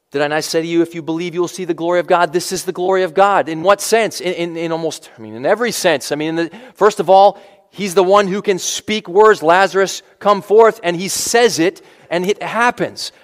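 A man's voice: high-pitched, fairly quick, in a large hall. A male pastor preaching a sermon in a conversational style, with asides and restarts.

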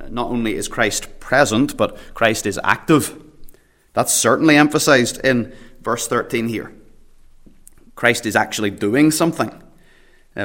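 A man's voice: mid-range voice, a bit bright. A pastor preaching at a church prayer meeting, earnest, reading scripture in old King James wording and often repeating a word as he starts a phrase. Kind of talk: sermon.

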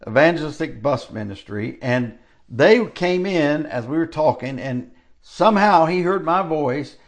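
Gravelly older man preaching a sermon. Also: a little high, expressive. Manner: conversational, drawn-out emphatic phrases. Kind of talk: sermon with personal storytelling.

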